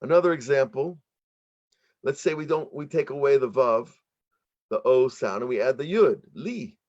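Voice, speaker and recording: An American man, a middle-aged rabbi, teaching an online workshop in an explanatory, halting way with frequent restarts. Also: medium pitch, a little mellow, muffled recording. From United States.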